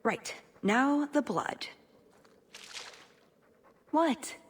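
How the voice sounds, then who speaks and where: A woman voicing a wry, sharp-tongued female rogue with a dry, sardonic delivery. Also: high-pitched, animated, drawn-out words, a little hiss or hum, full character voice.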